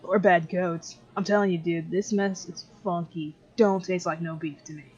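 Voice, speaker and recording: A woman's voice: on the low side, fairly even intonation, moderate pace, a little mellow, husky, highs cut off. A woman voicing a laid-back teenage boy who talks in drawling slang.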